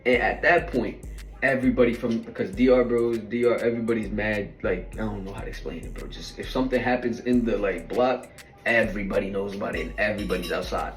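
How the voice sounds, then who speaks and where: A man's voice: on the low side, a little fast. A man casually telling stories in a slangy, rambling way, full of fillers and asides. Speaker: storyteller. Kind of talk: casual storytelling. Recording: roomy echo from a distant mic, faint music.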